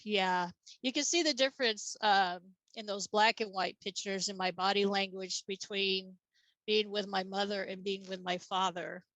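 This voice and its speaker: Female interview guest, matter-of-fact storyteller, medium pitch, dry recording. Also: fairly even intonation, normal speed, a bit bright, no echo, poor audio. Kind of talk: casual interview talk.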